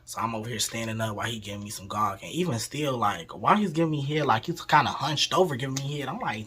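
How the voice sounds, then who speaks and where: A young vlogger tells a candid, casual storytime laced with profanity, acting out the voices of the people in his story. His medium-pitched voice is brisk, pushed and bright, and slightly rough.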